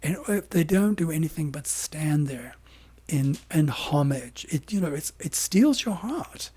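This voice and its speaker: A man speaking as an interview guest, his voice worn hoarse and warm, mellow in tone. He rambles, circles back and stresses his points with emphatic restarts. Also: on the high side, expressive, a little slow. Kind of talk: casual interview talk.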